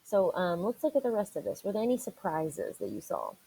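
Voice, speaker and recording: Gravelly-voiced woman teacher reading aloud. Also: mid-range voice, wildly swooping pitch, a little fast, dark tone, slight background noise, poor audio. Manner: encouraging, asks and answers questions for young listeners. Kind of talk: reading a picture book aloud to children.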